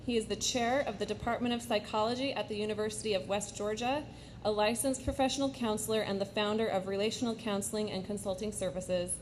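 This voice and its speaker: A woman moderating an event in a high school auditorium, briskly reading the speaker introductions from a program. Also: fairly even intonation, slight background noise.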